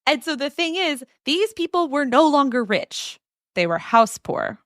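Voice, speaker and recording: A woman hosting a podcast, recounting a story in a loose, animated way with plenty of "like" fillers. Her voice sits fairly high, and the recording is dry and close with no room sound. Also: unhurried, no echo. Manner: animated retelling with many "like" fillers. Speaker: podcast host telling a story. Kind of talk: casual storytelling chat.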